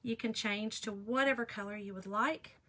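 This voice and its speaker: Crafting on a live stream, a middle-aged woman keeps up a casual, rambling chat, addressing viewers directly and laughing often. She speaks at a moderate pace with medium pitch and a sharp tone, and there's slight background noise.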